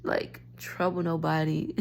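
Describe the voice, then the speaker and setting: Woman vlogger, low gravelly voice, tired, frustrated, rambling phone rant. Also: fairly even intonation, slow pace, a little mellow, slight background noise. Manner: frustrated, stream-of-consciousness, restarts thoughts. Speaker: spiritual vlogger.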